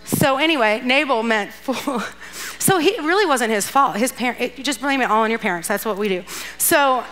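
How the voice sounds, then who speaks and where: A woman's voice: on the high side, expressive, moderate pace, fairly bright tone. A woman giving a casual, playful sermon, retelling a Bible story with asides and acted-out lines. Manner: chatty and playful, acting out characters with asides and laughs. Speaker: guest speaker at a church youth event.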